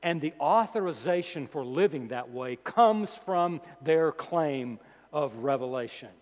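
A man preaching a sermon as pastor, emphatic and deliberate, repeating key words slowly for weight. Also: a little high, lively intonation. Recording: dull lo-fi sound with long hall reverb.

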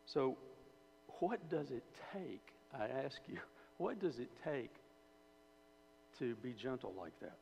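This preacher or Bible teacher has a dark, creaky, mid-range voice with a sing-song lilt, a slow pace, and frequent pauses. Chatting with his congregation, he asks them questions and keeps repeating and restarting phrases, captured in a dull hall recording with a faint hum.

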